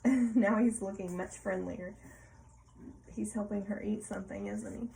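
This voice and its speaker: A woman reading a picture book aloud to a child, playful, pausing to ask questions and laughing often. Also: mid-range voice, fairly even intonation, vocal fry, warm tone, rough recording.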